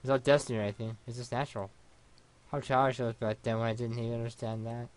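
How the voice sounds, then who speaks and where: A man reading a visual novel aloud for a let's play, in an even, unhurried way with small stumbles. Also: medium pitch.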